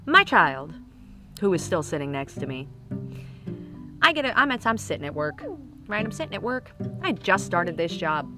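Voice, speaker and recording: A woman's voice: on the low side, very animated, moderate pace, long pauses, over music. A woman in her thirties telling comic stories about her kids in a casual, rambling, profane way. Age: 30s. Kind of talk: casual comic storytelling to camera.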